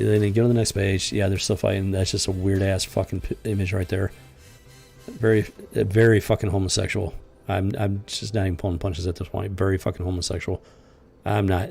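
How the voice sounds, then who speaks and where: Give me a low-pitched man with a gravelly voice, bluntly griping through a comic book commentary with lots of stammered restarts. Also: a little mellow. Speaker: host.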